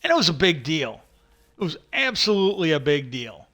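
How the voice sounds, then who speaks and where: A middle-aged man chats casually on his livestream, winding through a long anecdote. His voice sits a bit high and sounds bright and forceful, and he acts out each person he quotes. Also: very animated, fairly quick. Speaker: livestream host. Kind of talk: rambling storytelling chat.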